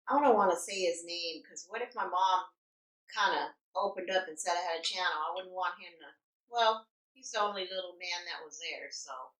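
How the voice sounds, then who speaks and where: A woman vlogger telling a story animatedly, sometimes dropping into quiet asides. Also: fairly low pitch, normal speed. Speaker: mukbang vlogger. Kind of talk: casual storytime. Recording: echoey room, distant mic.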